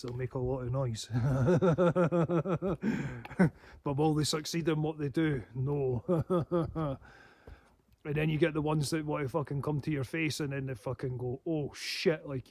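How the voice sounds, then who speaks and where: A man's voice: fairly high pitch, a little mellow, no room sound. A man rambling in a casual monologue, swearing heavily and laughing to himself. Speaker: paranormal channel host.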